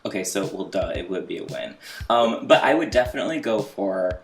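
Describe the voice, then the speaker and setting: A man co-hosting a podcast in casual chat, animated and joking, often breaking into laughter. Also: on the low side, a crowd in the background. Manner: animated, jokey, quick to laugh. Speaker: podcast co-host. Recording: echoey room with faint music.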